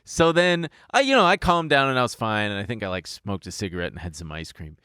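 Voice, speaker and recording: Podcast co-host, male, deep-set voice, frank and laughing as he recounts. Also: animated, fast, bright, forceful tone, clean tone, no room sound, studio quality. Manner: candid, laughs through his story, swears freely. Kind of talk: casual storytelling chat.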